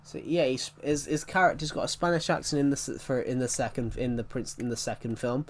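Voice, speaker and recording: A man with a mid-range voice chats casually while he plays. He rambles, circles back and corrects himself mid-sentence, like a relaxed gaming channel host. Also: mid-range voice, brisk. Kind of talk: casual gameplay commentary.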